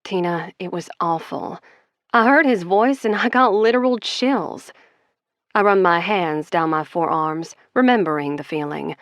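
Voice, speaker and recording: A woman's voice: on the low side, measured pace, dry recording, clean studio sound. A woman narrating a first-person romance audiobook in a wry, conversational way.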